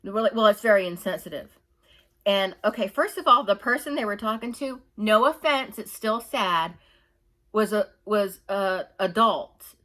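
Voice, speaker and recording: A woman's voice: mid-range voice, unhurried, sharp tone. A middle-aged woman ranting indignantly in her own opinion vlog, emphatic and repetitive. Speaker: YouTuber.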